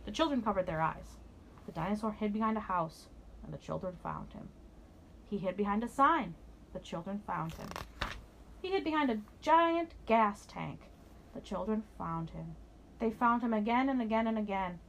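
A woman reading a picture book aloud to a child, her voice rising and falling expressively. Her pitch sits in an ordinary middle range. A faint hum of home sounds stays behind her. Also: lively intonation, moderate pace, rough recording.

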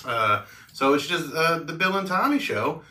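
A man's voice: on the high side, lively intonation, moderate pace, pushed and bright, reverberant, recorded from a distance. A man hosting a podcast in a casual, rambling way, laughing and using many fillers. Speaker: podcast host. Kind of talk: casual chat.

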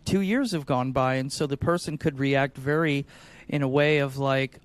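A man on an insurance sales podcast giving tactical advice in a lively, demonstrative way, often acting out calls. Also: medium pitch, normal speed, no room sound. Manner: animated, acts out sales calls.

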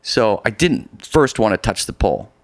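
A middle-aged man telling a long story in a casual conversation, animated and rambling with many restarts. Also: lowish voice, normal speed, no room sound. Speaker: guest, polar expedition adventurer.

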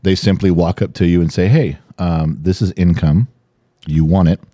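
Deep-voiced middle-aged guy on a podcast, warm dark tone, chatty. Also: moderate pace, dry recording. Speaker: podcast co-host. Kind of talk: casual podcast chat.

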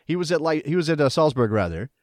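A man's voice: on the high side, big pitch swings, fast talker, darkish tone, dry recording. Guy in his 40s hosting a sports chat, rambly, laughs a lot, dry close sound. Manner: rambling, laughs often, restarts. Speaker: podcast host.

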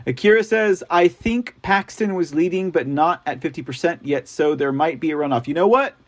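A man's voice: on the high side, normal speed. A man hosting a live online news show, chatting casually and reading out viewer comments with frequent laughs. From Texas. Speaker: livestream news show host. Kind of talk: casual live-chat talk.

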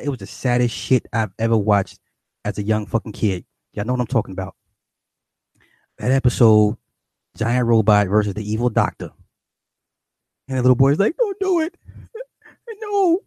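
A man's voice: medium pitch, darkish tone, no room sound. A middle-aged man streaming to his viewers in a casual, profane rant, repeating and restarting phrases as he goes.

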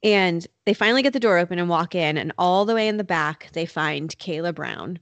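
Woman, low-pitched podcast host; casual true crime narration, filler-heavy, dry close mic. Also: brisk, dry recording. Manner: conversational, many "like" and "you know" fillers. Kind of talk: casual storytelling chat. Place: North Carolina.

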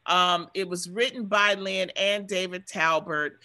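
Bright-voiced woman radio host. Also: fairly low pitch, a little slow. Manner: lively, expressive storytelling. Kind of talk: casual chat.

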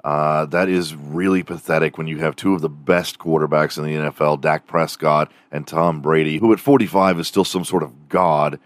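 A young Texan man rants casually on his own podcast, swearing freely and wandering off topic. His voice sits low and deep. It sounds close and dry, with no room around it. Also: steady tone, moderate pace, hardly any pauses, no echo. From Texas. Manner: profane, rambling, mimics accents for jokes. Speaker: podcast host. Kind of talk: casual rant.

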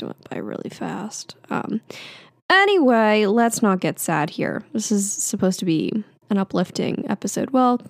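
A woman's voice: medium pitch, darkish tone, dry recording. A young woman in her twenties hosting a solo podcast, talking in a chatty, candid way with fillers and small laughs. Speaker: podcast host. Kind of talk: casual solo podcast chat.

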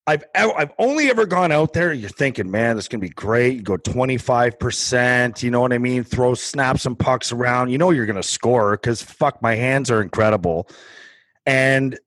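A man's voice: mid-range voice, moderate pace, a bit bright, no room sound. A man co-hosting a podcast in casual chat, ranting in a worked-up, profane way. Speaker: podcast co-host.

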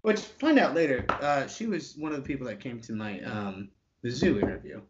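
Animated young man telling a story, lo-fi. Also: medium pitch, moderate pace, noisy background. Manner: animated, swearing, acting out quotes.

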